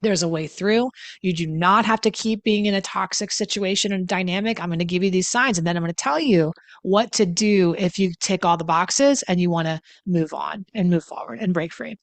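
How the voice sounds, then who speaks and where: A woman's voice: lowish voice, a little fast, few pauses, dry recording. A woman giving casual relationship advice to camera in a blunt, emphatic way, swearing freely and repeating words for stress. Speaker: relationship coach.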